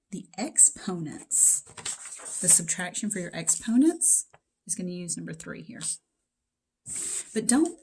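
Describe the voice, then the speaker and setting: A woman's voice: fairly low pitch, darkish tone. A woman teaching math in a casual recorded lecture, talking straight to her students in a chatty way from her home basement. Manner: chatty, talks to students directly.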